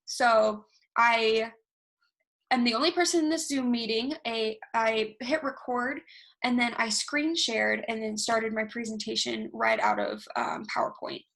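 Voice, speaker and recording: Young woman presenter, fast and animated, slightly high voice with gravelly fry. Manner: self-described fast talker, animated, talks with hands. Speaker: university research workshop presenter. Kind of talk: casual instructional presentation. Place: alone, recording herself at a computer. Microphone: recorded through video call software.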